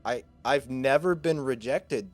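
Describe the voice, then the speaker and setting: A man's voice: medium pitch, a little slow, dry recording, faint music behind, close to an everyday voice. A man voicing a forward young woman from a dating app, breezy and offhand in his retelling.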